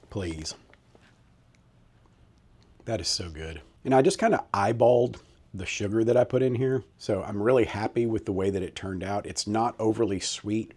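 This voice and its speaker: Dad type, mellow husky voice, folksy and enthusiastic vlogger. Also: male voice, fairly low pitch. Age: middle-aged. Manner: folksy, enthusiastic taste-testing. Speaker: cooking vlogger. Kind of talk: casual cooking vlog. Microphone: handheld camera mic.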